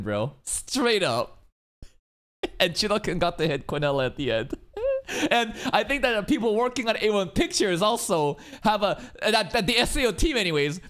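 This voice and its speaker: A man streaming a casual reaction to a video, crude and excitable, stammering and laughing as he talks. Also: high-pitched.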